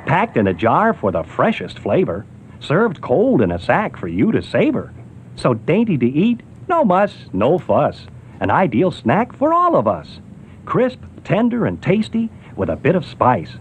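A man voicing a cheery male pickle mascot in an old ad jingle, in a sing-song rhymed pitch. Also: huge pitch swings, measured pace, slight background noise. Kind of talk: vintage ad jingle.

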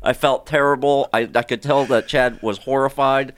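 A man's voice: mid-range voice, fairly even intonation, moderate pace, clear, resonant tone. A man co-hosting a podcast, talking casually and sheepishly about freezing up. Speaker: podcast co-host. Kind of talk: casual chat.

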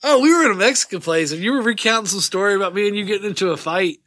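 A man jokes and teases in a high, bright voice. He drops into quick made-up bits of other people. The recording is dry and close. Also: no echo. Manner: teasing, jokey, acts out bits. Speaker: podcast co-host. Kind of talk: casual banter.

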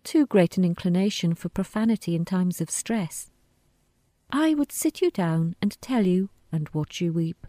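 A woman reading a first-person story aloud in a quiet, wry, deadpan manner. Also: fairly low pitch, moderate pace, no echo. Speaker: narrator.

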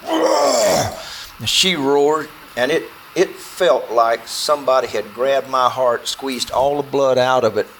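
A man recounts a close call to a small audience seated around him. His pitch sits squarely in the middle of the range, and his delivery is intense and halting, full of restarts and repeated words. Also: a little hiss or hum. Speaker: bowhunter telling a story. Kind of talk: personal storytelling to a small audience.

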